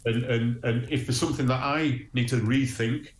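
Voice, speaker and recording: A man's voice: mid-range voice, steady tone. Earnest man in an echoey room. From Huddersfield, England. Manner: earnest, measured, many fillers and restarts. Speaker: guest. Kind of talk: remote interview. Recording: echoey room with faint noise.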